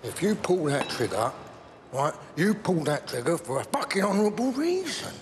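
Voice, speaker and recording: A menacing gangster in a period crime drama, rambling and swearing as he lurches between mutters and shouts. His voice is high, lively and sharp-edged. It rings in a reverberant space with faint noise behind it. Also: normal speed. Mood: menacing rant. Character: volatile London gangster, middle-aged man, rambling and menacing.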